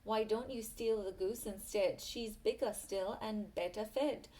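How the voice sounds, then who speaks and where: Sneaky persuasive storybook duck, woman reading her, slow. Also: medium pitch, warm tone, lightly acted, rough recording. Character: pleading, wily downy duck. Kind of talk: reading a picture book aloud.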